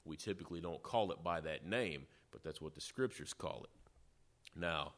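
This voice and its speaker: A man preaching a sermon, teaching through scripture in a measured way. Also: sits low, fairly bright tone. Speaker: pastor.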